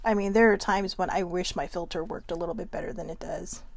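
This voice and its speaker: A woman's voice: on the low side, quick pace, gravelly, background noise. A woman hosting a casual motivational vlog, talking in a chatty, emphatic way and laughing often. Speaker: vlog host.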